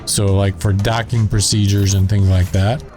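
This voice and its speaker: A man's voice: on the low side, little pitch movement, moderate pace, music in the background. A man with a Southern drawl chatting casually as he plays and narrates a building game, thinking aloud as he works. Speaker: gaming channel host.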